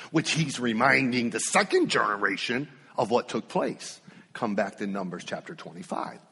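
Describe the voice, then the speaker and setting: A preacher man with a somewhat high, husky voice tells his story with animated energy, swinging between loud and hushed. His voice rings out in a church hall with a long reverb. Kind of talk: sermon.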